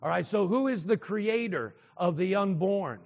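This pastor's voice sits high, with lively intonation, vocal fry, and a moderate pace. Preaching emphatically in a reverberant church hall, he repeats key phrases and puts questions to the congregation, and the sound is dull.

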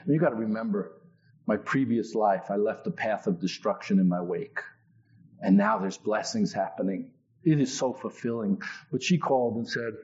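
A man telling his own testimony in a sermon, in a conversational, animated storytelling way. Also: fairly low pitch, normal speed, muffled recording. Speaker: preacher.

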